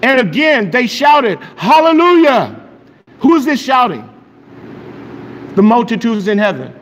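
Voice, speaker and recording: A man preaching a sermon, excited and emphatic, often asking his listeners questions. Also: very high-pitched, a little slow. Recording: long echo of a hall, faint noise.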